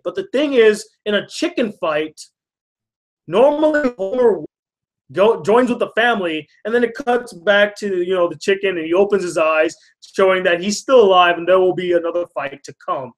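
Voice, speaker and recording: A man casually reviewing a cartoon episode, rambling and excited, acting out bits of dialogue in quick asides. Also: high-pitched. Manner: excited, rambling, acts out quotes. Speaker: host.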